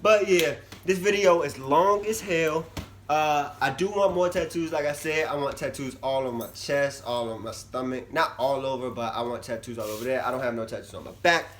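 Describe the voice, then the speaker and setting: A young man vlogging casually to camera, chatty and animated, his voice swinging from loud bursts to low mumbles. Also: normal speed, a little hiss or hum. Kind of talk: casual vlog talk to camera.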